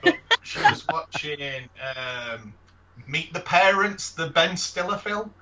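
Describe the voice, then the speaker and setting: A man's voice: a little high, expressive, slow, distant mic, lo-fi sound, crowd noise. A man telling a comic, exasperated holiday story in casual podcast chat. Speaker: podcast co-host.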